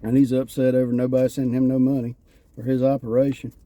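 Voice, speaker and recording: A man talks casually through a wrestling review. His voice is very dark and mellow, and he retells scenes with lively, animated quotes. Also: medium pitch, fast talker, no echo. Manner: animated storyteller, acts out quotes. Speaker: podcast co-host reviewing wrestling. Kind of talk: casual chat.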